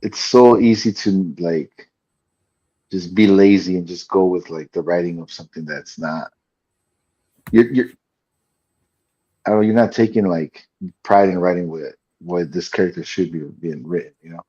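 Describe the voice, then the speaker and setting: A man co-hosting a casual comics podcast, rambling and halting through his points. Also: deep voice, warm tone, husky. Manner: rambling, halting, many fillers. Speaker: podcast co-host. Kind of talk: casual comics review chat. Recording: dull muffled lo-fi mic.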